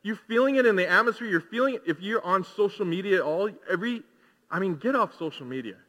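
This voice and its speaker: A man's voice: high voice, expressive, quick pace, bright, forceful tone. A man preaching a sermon, conversational and full of rhetorical questions. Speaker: pastor. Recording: long hall reverb.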